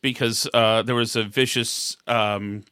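A man's voice: mid-range voice, fairly even intonation, unhurried, sharp tone, clear, resonant tone, dry recording, studio quality. A middle-aged American man telling stories in a rambling, casual way, full of fillers and restarts. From United States. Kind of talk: casual conversational storytelling.

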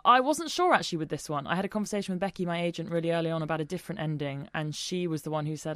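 Woman novelist, talks fast, lower voice, fillers galore. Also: very animated, dry recording, clean studio sound. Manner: chatty, many fillers and self-interruptions. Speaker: novelist guest. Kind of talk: casual chat.

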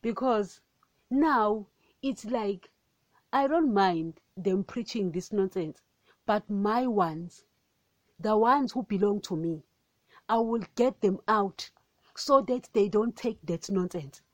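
A woman giving an informal spoken sermon on her podcast, animated and chatty, calling her listeners "guys" over and over and laughing now and then. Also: mid-range voice, slow, dry recording. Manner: animated, repeats "guys" constantly, laughs often. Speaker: podcast preacher.

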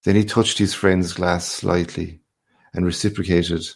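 Low gravelly male story reader. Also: level tone. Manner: measured, unhurried storytelling. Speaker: narrator. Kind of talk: literary audiobook reading.

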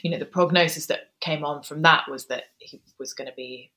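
Low-voiced woman, soft and halting. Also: poor audio. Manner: soft, hesitant, pausing with ums. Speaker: guest author. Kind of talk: reflective interview storytelling.

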